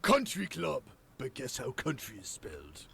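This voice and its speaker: A man's voice: mid-range voice, wildly swooping pitch, moderate pace, creaky. A man voice actor cracking jokes in outtakes, in a noisy booth recording. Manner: joking, wisecracking.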